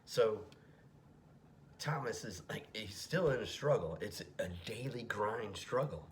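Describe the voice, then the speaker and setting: A man's voice: on the low side, expressive, measured pace, slight background noise. A middle-aged man at home giving a casual commentary on a song, reading lyrics aloud and explaining them, sometimes dropping to a whisper. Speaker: music reaction commentator. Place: home room.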